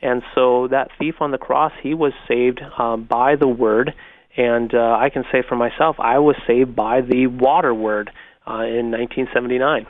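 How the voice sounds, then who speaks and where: A man's voice: mid-range voice, fairly even intonation, normal speed, no room sound. A man, a pastor, earnestly explaining his faith on a radio talk show. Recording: tinny phone-like radio line.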